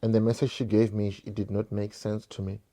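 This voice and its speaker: A man's voice: on the low side, flat delivery, fairly quick, dark tone. A South African man telling a painful personal story straight to his viewers, repeating phrases and calling them guys. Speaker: vlogger.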